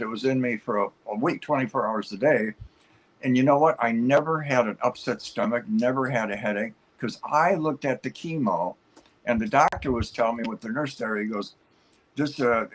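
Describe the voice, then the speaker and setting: A man's voice: medium pitch, poor audio. A man guest on a talk show, telling a long personal story in an upbeat, rambling way, full of fillers and restarts.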